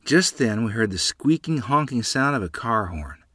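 Lively man reading a family memoir. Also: mid-range voice, normal speed, slightly rough, dry recording, clean studio sound. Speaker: storyteller. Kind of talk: reading a memoir story aloud.

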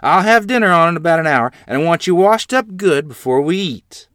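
A man's voice: a little high, lively intonation, a little fast, a bit bright, no echo, clean studio sound, voice pushed up. A man voicing a kindly, bossy old grandmother in a read-aloud story. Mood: brisk.

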